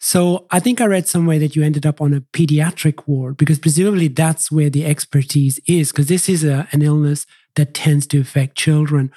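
Mellow higher-voiced male host, dry sound. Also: steady tone, husky, no room sound. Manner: sympathetic, measured questions. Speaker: podcast host. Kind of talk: interviewing.

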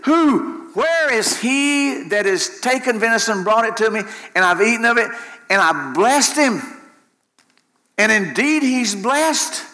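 A man preaching while voicing an old father who trembles in shock, speaking in a quavering, slowing voice. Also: extremely high pitch, expressive, sharp tone, pitched above the performer's own voice, exaggerated voice. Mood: shaken.

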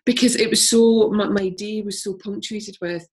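A woman's voice: medium pitch, steady tone, moderate pace, darkish tone. A middle-aged Scottish woman, a podcast guest, talking reflectively and chatting easily in a casual conversation. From Scotland.

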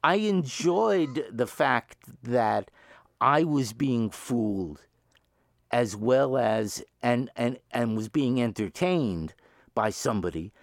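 Gravelly older man telling a story. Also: slow, no room sound, clean studio sound. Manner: animated, jumps high in pitch when acting out pleading and quoted people. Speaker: former radio DJ, podcast host. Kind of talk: storytelling, reading aloud his own writing.

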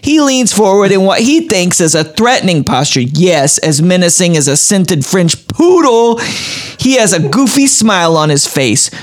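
A man's voice: a little high, lively intonation, takes it slowly. A man voicing a brash, tough woman combat juggler who boasts as she tells of her fights. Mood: gloating. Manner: boastful, relishing each blow.

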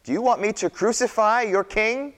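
A man's voice: high voice, normal speed, fairly bright tone, pitched above the performer's own voice. A man voicing a stern, anxious Roman governor who raises his voice and presses with questions. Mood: demanding. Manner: demanding, raised voice. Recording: long hall reverb.

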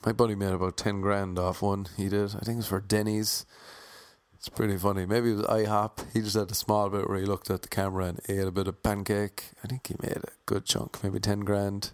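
A man's voice: lowish voice, little pitch movement, a little fast, no echo. A man vlogging casually as an aspiring actor, rambling and mocking himself. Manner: rambling, self-deprecating. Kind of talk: casual vlog monologue.

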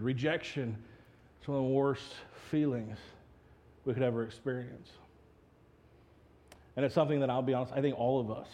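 A man's voice: medium pitch, a little mellow. A male pastor giving a sermon, mixing funny family stories with earnest teaching. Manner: humorous storytelling, then earnest teaching.

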